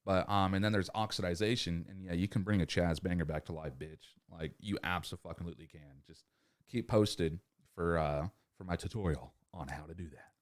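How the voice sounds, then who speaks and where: A man's voice: low-pitched, fairly even intonation, normal speed. A man hosting a podcast, giving sales tips in a rambling, profane, casual monologue. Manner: profane, rambling, acts out customer scenes. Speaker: podcast host.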